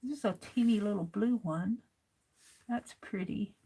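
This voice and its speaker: Woman, American accent, slow easy pace, talking to herself over craft supplies, light background noise. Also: mid-range voice, gravelly, mellow. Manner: muttering to herself while sorting supplies. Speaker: craft livestream host. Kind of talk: casual crafting livestream chat.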